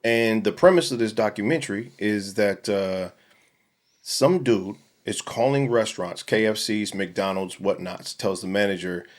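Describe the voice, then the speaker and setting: A man hosting a podcast, telling a story in casual chat, animated, slangy and profane. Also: fairly low pitch, a little slow. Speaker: podcast host.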